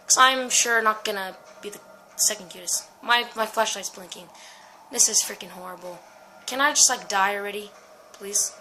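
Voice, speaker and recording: A woman's voice: medium pitch, normal speed, crowd noise, poor audio. A woman giving jumpy, swear-laden commentary while playing a horror game. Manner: jumpy, swearing, talks to herself. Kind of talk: let's-play commentary.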